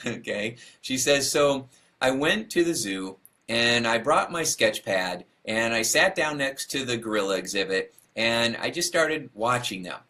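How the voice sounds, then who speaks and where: A man's voice: mid-range voice, bright, forceful tone. A man giving a motivational talk, telling a story and acting out what people said, laughing at himself along the way. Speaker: motivational speaker.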